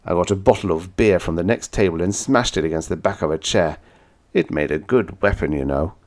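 A man's voice: sits low, fairly quick, a little mellow. A man narrating a vintage science fiction audiobook in the first person, with dramatic, intense storytelling.

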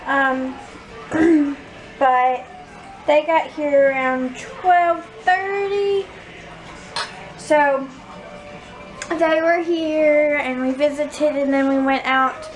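A teenage girl vlogging casually from home late at night, tired and rambling with soft trailing asides. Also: sits high. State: exhausted.

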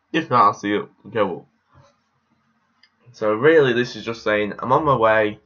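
A man's voice: lowish voice, pushed and bright, highs cut off. A young man vlogging casually, rambling with frequent restarts and self-corrections. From England. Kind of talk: casual daily vlog to camera.

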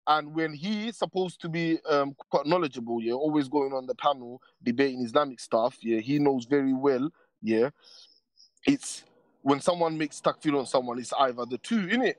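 A man's voice: mid-range voice, moderate pace, no room sound. A man ranting casually on a stream panel, rambling and full of street slang and repeated tags. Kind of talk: casual heated rant.

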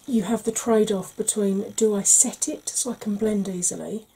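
A woman hosting a soft-spoken ASMR makeup tutorial, chatty and explanatory, sometimes dropping into a whisper. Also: mid-range voice, steady tone, normal speed, breathy edge, low-quality recording.

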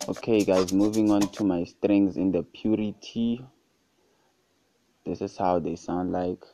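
A man narrating a casual music production tutorial, relaxed and easygoing, often calling out to his viewers and praising each sound. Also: low voice, a little slow, background noise. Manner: relaxed, repeats "guys" and "super cool".

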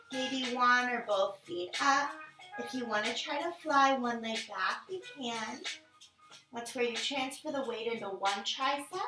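Calm woman cueing a yoga flow. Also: on the high side. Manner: calm, encouraging step-by-step instruction. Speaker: yoga instructor. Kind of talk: guided yoga class cues. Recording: echoey room, mic at a distance, music behind.

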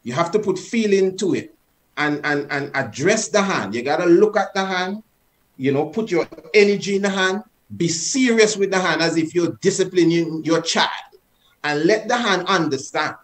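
A man's voice: fairly high pitch, animated, normal speed. A man leading an exercise over a video call, earnest and coaxing, repeating commands with rising force. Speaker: presenter leading an online session.

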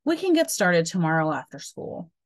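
A woman's voice: on the low side, sing-song, normal speed. A woman voicing Alex, a friendly, sensible schoolboy, in a read-aloud tone.

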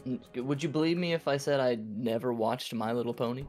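A woman's voice: extremely low pitch, a little mellow, soft background music. A woman playing a card game on stream, chatting casually and teasing the others. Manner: teasing, quick to joke at others. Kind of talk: casual gaming stream chat.

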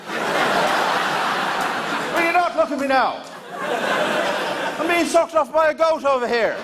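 A man's voice: very high-pitched, a little slow, a loud crowd, voice pushed up. A man voicing a neglected Irish band member in a put-on Irish accent, pleading to be noticed. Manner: pleading, whining for attention. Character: attention-starved Irish male band brother. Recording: live show with loud background noise.

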